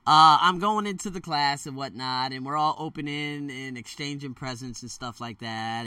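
A man's voice: on the high side, no room sound, distant mic. A man in a casual vlog, telling a childhood story in a loose, rambling way, with many fillers and self-corrections. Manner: animated, jumps into quoted voices. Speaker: storyteller vlogger. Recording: dry sound, set back from the mic.

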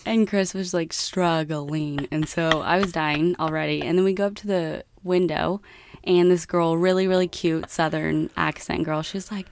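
A young American woman in casual chat, telling a story with lots of laughter and animated quoting. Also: sits low, normal speed, vocal fry, dry recording. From United States. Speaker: co-host.

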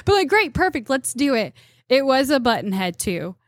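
Gal rambling thru tracking stories, laughs a lot, acts out the quotes, dry mic. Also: female voice, high voice, sing-song, moderate pace, no room sound. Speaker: deer tracker, podcast guest. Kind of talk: casual storytelling chat.

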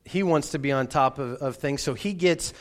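A man's voice: mid-range voice, moderate pace. A man who is a pastor, preaching in a conversational way and often repeating words as he restarts. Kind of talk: sermon with a personal story.

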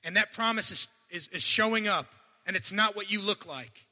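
A man preaching a sermon in a church, animated, swinging between loud bursts and quiet asides, and he sometimes stutters and restarts. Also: high-pitched, normal speed, big-room sound. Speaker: guest preacher.

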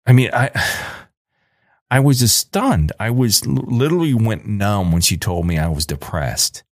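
Angry low-voiced guy in his 40s ranting on his podcast, dry close sound. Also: animated, unhurried, no room sound. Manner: angry, emphatic, repetitive. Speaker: podcast host. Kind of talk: ranting monologue.

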